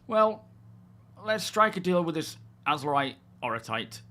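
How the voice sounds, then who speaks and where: A man's voice: on the high side, sing-song, unhurried, bright, forceful tone. A man hosting a casual gaming livestream, greeting viewers and thinking aloud as he plays. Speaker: livestream host.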